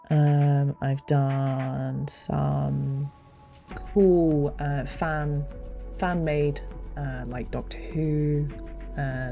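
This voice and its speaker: A young woman with a deep, low voice chats loosely on a home livestream. Her tone is mellow and soft-edged, and she rambles with restarts and self-deprecating asides into a desk mic on a stand. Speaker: streamer and hobby voice actor. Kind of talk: casual livestream chat. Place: home streaming setup.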